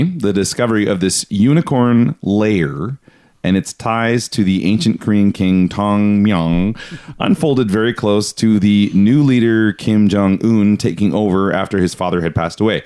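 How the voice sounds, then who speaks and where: A man's voice: fairly low pitch, a little mellow, clean tone. A young man from Canada hosting a casual conspiracy podcast, rambling through his notes with restarts and frequent laughs. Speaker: podcast host.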